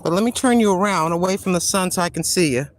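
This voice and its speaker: Walking outdoors along a street, an older woman livestreams casually, talking quickly in a fairly low voice. She's chatty and rambling, and she laughs a lot as she wanders off topic.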